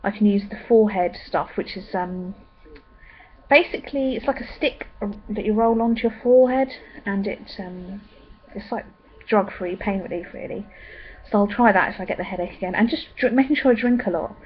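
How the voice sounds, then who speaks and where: A young woman chatting in a rambling way with many pauses and ums. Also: medium pitch, husky, dull audio. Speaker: vlogger. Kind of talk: casual pregnancy update vlog.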